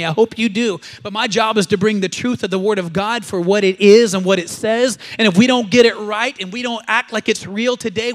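A male pastor preaching a sermon at a church service, emphatic and exhortative, leading the congregation in call-and-response. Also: high voice.

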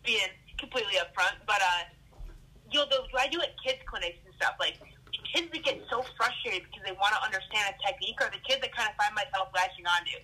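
Candid female college coach, husky voice with a sharp edge. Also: medium pitch, fast, low-quality recording. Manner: candid, thoughtful. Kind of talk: casual conversation.

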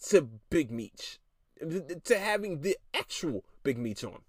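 A man's voice: on the high side, very animated, slightly rough, dry recording, studio quality. A tired podcast host, a man, ranting casually with lots of swearing and stammered restarts. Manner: irritated, profane, rapid restarts and stammers.

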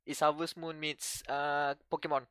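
A man's voice: fairly high pitch, little pitch movement, normal speed, fairly bright tone, clear, resonant tone, no room sound. A man from Malaysia co-hosting a gaming podcast in casual chat, rambling and hesitant with frequent laughs. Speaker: podcast co-host.

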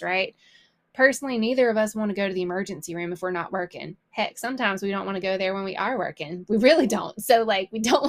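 A woman with a Southern US accent co-hosting a casual chat about parenting, talking chattily, laughing often and acting out quotes. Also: medium pitch. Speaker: podcast co-host.

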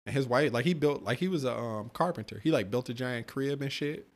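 A man's voice: medium pitch, a little fast. A man co-hosting a podcast, talking bluntly and profanely and pushing back in casual banter. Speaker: podcast co-host. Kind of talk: casual chat.

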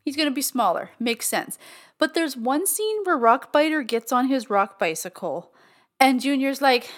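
A woman's voice: high-pitched, animated, normal speed. A woman co-hosting a podcast in casual chat, laughing often, swearing and saying "like" a lot. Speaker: podcast co-host.

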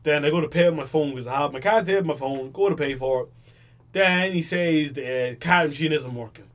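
A man's voice: a little high, brisk. A young man chatting casually as a podcast co-host, telling a story animatedly and acting out the people in it. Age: young adult. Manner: animated storytelling, acts out quoted voices. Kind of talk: casual chat.

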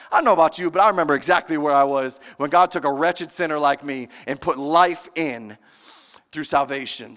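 A man preaching a sermon in a large church, emphatic and animated, questioning the congregation. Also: high-pitched. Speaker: pastor. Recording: long church-hall reverb.

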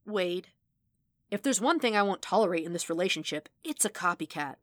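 A wry, guarded young woman speaking on the phone with a dry drawl, read by a woman. Her voice sits low and plain, close to the mic. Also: lively intonation, fairly quick, no echo, natural voice.

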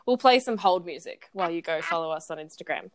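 A young woman co-hosting a casual podcast chat, playful and quick to laugh. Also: on the low side, expressive, no room sound. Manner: giggly, playful. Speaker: podcast co-host.

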